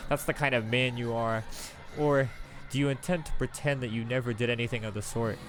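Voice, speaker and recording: A man voicing a cruel, taunting maid, speaking quietly and with contempt. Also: mid-range voice, fairly even intonation, fairly quick, lightly acted. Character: cruel mocking maid, cold and sneering.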